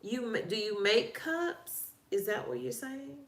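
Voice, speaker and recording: A woman's voice: fairly high pitch, lively intonation, unhurried, gravelly, roomy sound. A woman with a Southern country accent, hosting a casual live-stream and chatting with viewers as she greets them one by one. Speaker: livestream host.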